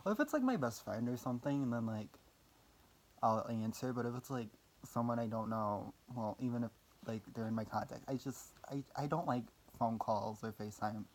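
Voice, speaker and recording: In this laid-back vlog, a young man with a mid-range voice and moderate pace recounts something that happened to him. The telling is rambling and full of fillers, with casual cursing and self-mocking humor throughout.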